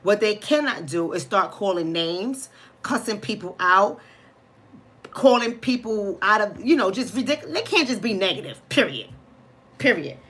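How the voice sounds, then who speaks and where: A woman's voice: mid-range voice, very animated, a little slow, a bit bright. A woman with a New York accent hosting a live commentary stream, blunt and outspoken, talking straight to her chat. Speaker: livestream host.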